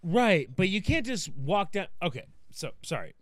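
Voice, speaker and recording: A man's voice: high voice, very animated, moderate pace, a bit bright, no room sound, clean studio sound. A man co-hosting a comedy podcast, blunt and provocative, rambling in casual banter. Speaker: podcast co-host.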